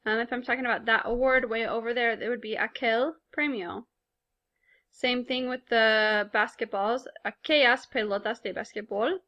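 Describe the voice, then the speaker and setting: A woman's voice: a little high, steady tone, moderate pace, sharp tone, dull audio. A woman teaching a recorded language lesson in a patient, explanatory way, speaking with casual fillers. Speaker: Spanish teacher.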